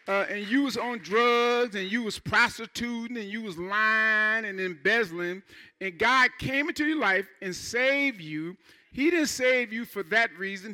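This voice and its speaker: Bright high-voiced male preacher. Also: unhurried. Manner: fervent preaching with call-and-response. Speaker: pastor. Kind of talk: sermon. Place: church.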